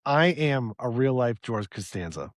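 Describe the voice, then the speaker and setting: A man's voice: mid-range voice, very animated, a little slow, no echo. Forties male co-host, self-deprecating and neurotic, mid voice, dry close sound. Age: 40s. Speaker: podcast co-host. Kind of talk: casual chat.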